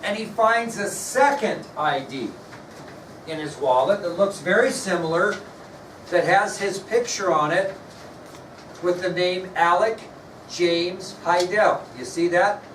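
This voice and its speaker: A man lecturing a classroom in a relaxed, conversational way, often checking that his students are following. His voice sits a bit high for a man. He is recorded from across an echoey room, with faint noise underneath. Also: slow pace, distant mic. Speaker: history teacher.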